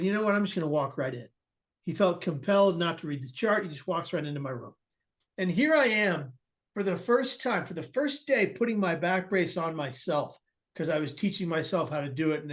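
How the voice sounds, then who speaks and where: A man with a notably high speaking voice shares a personal story as a podcast guest. He tells it earnestly and acts out the voices of the people he quotes. He often restarts his sentences mid-thought.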